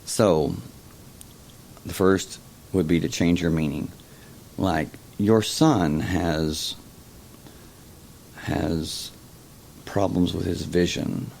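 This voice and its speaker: Slow, gravelly deep-voiced man. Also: darkish tone, slight background noise. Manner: halting, repeats words, slow and deliberate. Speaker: host. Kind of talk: casual explanatory monologue.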